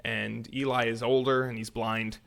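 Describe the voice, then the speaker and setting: A man with a bright, forceful voice co-hosts a church podcast. He retells scripture in a casual, lively way, full of little restarts and quick asides. His pitch sits in an ordinary middle range. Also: vocal fry. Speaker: podcast co-host. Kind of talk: casual Bible discussion podcast.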